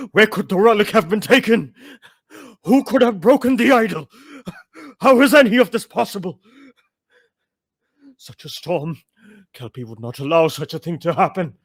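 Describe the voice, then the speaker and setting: A man voicing an anguished elf chief who shouts in desperation. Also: sits high, big pitch swings, a little slow, long pauses, no echo, clean studio sound, pitched above the performer's own voice, heavily acted. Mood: frantic. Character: anguished male elf chief, frantic, defiant.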